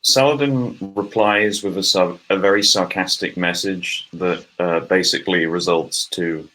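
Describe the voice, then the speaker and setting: Deep-voiced joking young player. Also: male voice, fairly even intonation, measured pace, sharp tone, low-quality recording. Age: young adult. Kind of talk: casual tabletop play.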